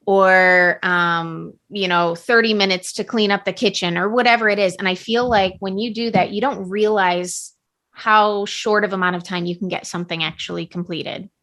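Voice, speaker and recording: A woman's voice: medium pitch, a bit bright. A woman co-hosting a podcast, chatting casually and practically about everyday routines. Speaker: podcast co-host. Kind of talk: casual chat.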